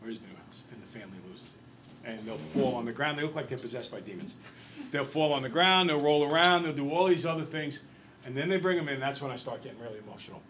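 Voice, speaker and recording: A man's voice: mid-range voice, quick pace, slight background noise, rough recording. A man teaching a math class, telling a long story and quizzing his students as he goes. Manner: lively, chatty storyteller who quizzes the class.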